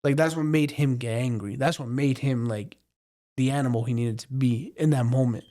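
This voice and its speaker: A young man co-hosting a podcast in casual chat, retelling scenes with animated energy. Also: mid-range voice, moderate pace. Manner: animated storyteller, acts out scenes. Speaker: podcast co-host.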